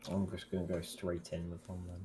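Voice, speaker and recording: A man's voice: low-pitched, completely flat delivery, fairly quick, mellow, slight background noise. A man taking part as a player in a tabletop game, speaking in short, tentative bits and asking before he acts. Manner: tentative, asks before acting.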